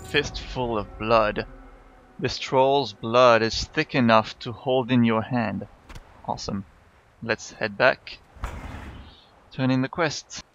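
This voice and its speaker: A man narrating a game dungeon in a relaxed, casual way, trying out names as he goes. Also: medium pitch, slow pace, pauses often, muffled recording, a little hiss or hum. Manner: relaxed, unsure of names, reads quest text aloud.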